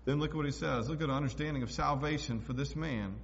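A man preaching a sermon as pastor, emphatic, swinging between loud declarations and hushed asides. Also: fairly high pitch, fast, gravelly. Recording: echoey hall, dull lo-fi sound.

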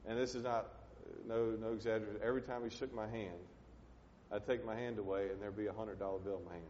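Preacher in an echoing hall. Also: male voice, fairly low pitch, fairly even intonation, fast, a little mellow, lo-fi sound, slight background noise. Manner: folksy, emotional, repeats "man" and "hey". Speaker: pastor. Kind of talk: sermon. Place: church sanctuary.

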